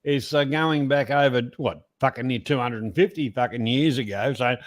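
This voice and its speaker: A man's voice: medium pitch, normal speed, no room sound. An Australian man in casual chat, talking in a heated, blunt way with swearing.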